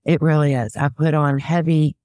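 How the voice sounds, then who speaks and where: A woman's voice: sits low, fairly even intonation, normal speed, warm tone, no room sound, studio quality. A woman who works as a personal stylist, giving practical style advice in a conversational interview. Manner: practical, explanatory, chatty.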